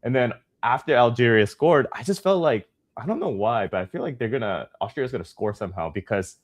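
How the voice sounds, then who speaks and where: A man's voice: mid-range voice, animated, brisk. A man co-hosting a casual sports podcast, easygoing, telling stories about games with frequent chuckles. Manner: easygoing storyteller, chuckles while recounting. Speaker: podcast co-host.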